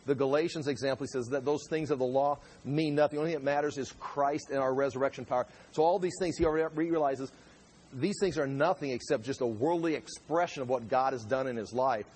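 A man's voice: mid-range voice, fast, darkish tone, breathy edge. A man teaching a conversational sermon as a pastor, explaining scripture verse by verse, often repeating and restarting his words. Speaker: pastor teaching a Bible study.

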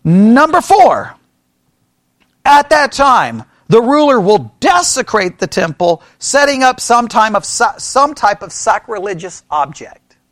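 A man teaching a church Bible study in an animated way, often checking with the class and acting out the voices of people who disagree. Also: high-pitched, slow pace, no room sound, clean studio sound. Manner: animated, talks to the class with frequent "right?" checks; mimics opponents in mocking quoted voices.

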